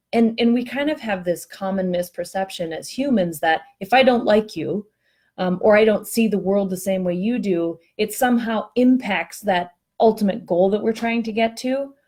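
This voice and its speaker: A woman telling a story in a chatty, animated way, poking fun at herself. She speaks at a middle pitch, on what sounds like an online call. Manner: chatty, animated, self-mocking. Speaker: co-host discussing workplace culture. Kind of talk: casual conversational storytelling.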